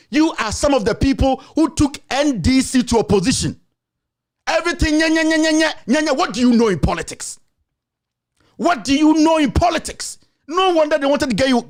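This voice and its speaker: A Ghanaian man hosts his own commentary show and delivers a furious political rant. His voice sits unusually high for a man. He scolds and insults, repeating the same jabs over and over.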